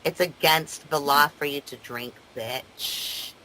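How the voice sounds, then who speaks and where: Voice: medium pitch, slow pace, bright, forceful tone, low-quality recording. A caller taunting the other person in a heated phone argument, jeering in a sing-song, mocking way. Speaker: caller on a prank three-way call.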